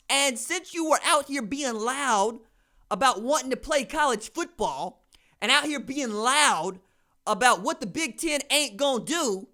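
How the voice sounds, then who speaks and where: Guy ranting on his sports podcast, bright voice, swings all over, trash talk. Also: extremely high pitch. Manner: trash-talking, animated, Southern slang. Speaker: podcast host. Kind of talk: solo sports commentary rant. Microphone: studio mic.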